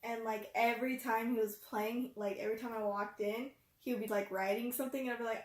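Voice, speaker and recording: A woman's voice: a little high, fairly even intonation, fairly quick, few pauses. A teenage girl talking casually about her family, hesitant and full of "like". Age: teens. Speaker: daughter. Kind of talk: casual chat. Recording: echoey room.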